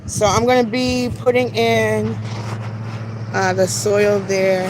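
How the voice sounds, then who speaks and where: A woman's voice: medium pitch, steady tone, slow, slight background noise. Chatty woman touring her garden live. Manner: chatty, greets viewers by name, self-deprecating. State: out of breath while walking. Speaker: garden channel host. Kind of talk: casual live-stream garden tour. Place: outdoor backyard garden.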